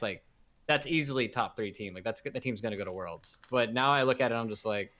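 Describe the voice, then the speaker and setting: Brief: relaxed American male guest, mid pitch, casual and profane. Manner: laid-back, swears, halting restarts. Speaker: podcast guest, former pro player. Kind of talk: casual esports chat.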